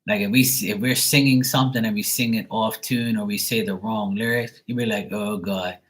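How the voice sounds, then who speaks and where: A man chatting casually to camera, rambling and swearing freely in a relaxed way. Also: fairly low pitch, a little fast, rough recording. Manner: rambling, profane, laid-back. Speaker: tarot reader, channel host.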